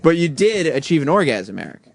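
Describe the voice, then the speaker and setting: A man's voice: on the high side, big pitch swings, brisk. A man hosting a comedic radio show, teasing and laughing as he questions a guest. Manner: teasing, laughing, mock-interrogating.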